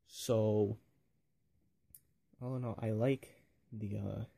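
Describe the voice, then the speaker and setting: A young man rambling enthusiastically through a casual fan review, piling up fillers as he goes. His voice is low, dark and gravelly, with a husky edge. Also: steady tone, extremely slow, dry recording. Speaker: video reviewer.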